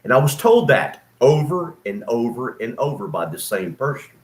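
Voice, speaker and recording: A man's voice: mid-range voice, big pitch swings, normal speed, echoey room. A man in his fifties, a former nurse, telling his story in an emphatic, aggrieved way. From East Texas. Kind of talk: casual spoken storytelling.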